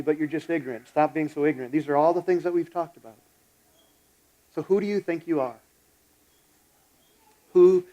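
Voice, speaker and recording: A man's voice: on the high side, a little mellow, dull audio. A pastor preaching a sermon in a blunt, exhorting, conversational way, retelling a story as he goes.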